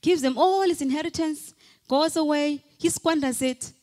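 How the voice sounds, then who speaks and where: A woman's voice: high-pitched, moderate pace, darkish tone. A woman pastor preaching a fervent sermon, calling out repeated hallelujahs and leading the congregation in declarations. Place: church hall. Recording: long hall reverb from a church.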